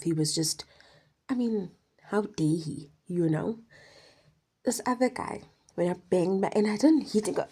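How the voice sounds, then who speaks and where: A woman giving a passionate personal faith testimony, dropping to hushed whispers and then pressing hard on her points. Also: medium pitch, lively intonation, unhurried, long pauses, husky. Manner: passionate, emphatic, swings between hushed whispers and forceful stresses. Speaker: Christian speaker sharing a testimony.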